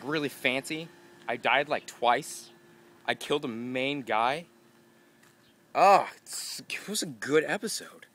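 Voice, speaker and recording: A young man chats on a casual outdoor vlog, out of breath after a walk uphill, rambling and exasperated. His voice is bright and forward, and he acts out his own frustrated quotes. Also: on the high side, slight background noise. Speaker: vlogger.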